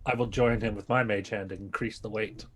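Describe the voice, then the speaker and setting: A man playing a tabletop game, talking through plans in quick, casual chatter. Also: fairly low pitch, steady tone, fairly bright tone, slight background noise. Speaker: player.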